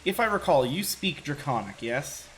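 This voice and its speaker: A man's voice: fairly high pitch, big pitch swings, normal speed, a crowd in the background, low-quality recording. A man acting as game master, narrating and chatting in a streamed tabletop session. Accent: Irish, put on for a character.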